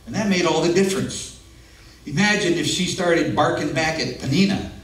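A pastor delivers his sermon earnestly and conversationally, dropping in personal asides, inside a church sanctuary. He speaks at normal speed in a fairly high, fairly bright voice, recorded from a distance in an echoey space.

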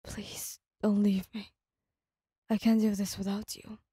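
A woman voicing a gruff young male hero gone tender, in a hoarse, hushed whisper for a whispered role-play. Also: medium pitch, little pitch movement, takes it slowly, dry recording, studio quality. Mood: pleading.

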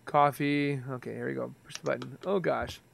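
A man's voice: mid-range voice, fairly even intonation, moderate pace, vocal fry. A man playing a horror game, giving jumpy, panicky commentary that swings into screams. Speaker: gaming YouTuber. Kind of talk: live gameplay commentary.

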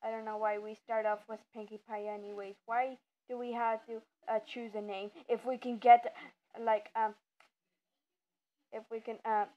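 Playing a game, a woman offers casual, rambling commentary at a moderate pace, her fairly high voice showing little pitch movement as she stumbles through lots of ums. The audio is muffled lo-fi with faint game music.

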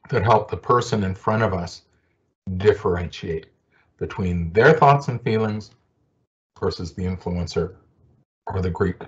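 An older man and social worker giving a conversational talk with stories, often pausing on fillers. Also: lowish voice, dull audio. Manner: storytelling, conversational with frequent fillers. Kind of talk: recorded professional talk.

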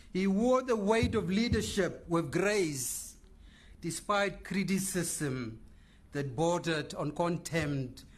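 A man delivering a formal eulogy speech in a measured, oratorical manner. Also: a little high. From Namibia. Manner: measured, oratorical, lists words with pauses. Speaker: memorial speaker.

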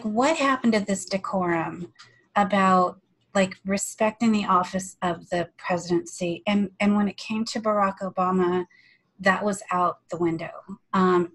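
A woman's voice: medium pitch, rough recording. A woman on a panel discussion, talking candidly and animatedly, telling a story over a video call.

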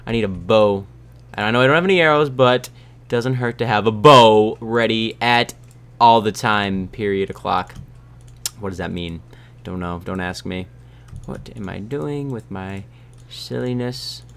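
A man's voice: fairly low pitch, measured pace, gravelly, a little hiss or hum. A young man giving goofy, rambling commentary while playing a game, close to his mic. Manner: goofy, rambling, bursts of shouting and whispers. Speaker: gaming YouTuber. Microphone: close desk mic.

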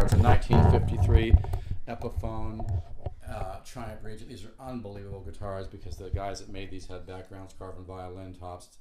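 A man's voice: fairly low pitch, steady tone, fairly quick, darkish tone, slight background noise. A man giving a casual guitar lesson, talking in a loose, rambling way with restarts. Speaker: guitar teacher. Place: home room near the beach. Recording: guitar playing clearly under the voice. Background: guitar playing.

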